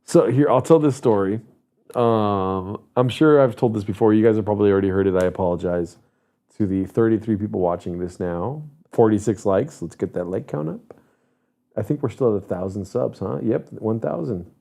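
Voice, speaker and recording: A man in his thirties hosting a stream tells his live chat a rambling, profane story, constantly interrupting himself. He speaks at normal speed in a fairly low, gravelly, dark-toned voice.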